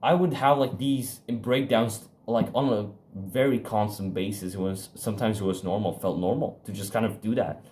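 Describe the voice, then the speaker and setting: A man's voice: lowish voice, a little mellow. A young man giving a casual motivational talk to camera, frank and profane, rambling with restarts and fillers. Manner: emphatic, speeds up and slows down for stress. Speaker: self-improvement vlogger.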